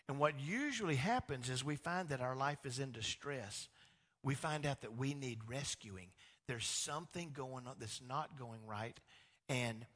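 A man preaching a sermon as pastor, animated and acting out quoted dialogue, swinging between loud emphatic peaks and quiet low passages. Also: unhurried. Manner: animated, acts out God and the people in quoted dialogue.

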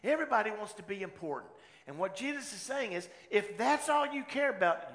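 A man preaching a sermon as pastor, moving between loud exhortation and hushed personal storytelling. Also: high voice, very animated, a little fast, few pauses. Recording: long hall reverb, faint room noise.

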